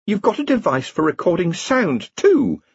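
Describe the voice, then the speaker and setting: A man's voice: high-pitched, sing-song, normal speed, slightly rough, no echo, dull audio, voice pushed up, heavily acted. A man doing an eager young wizard scholar.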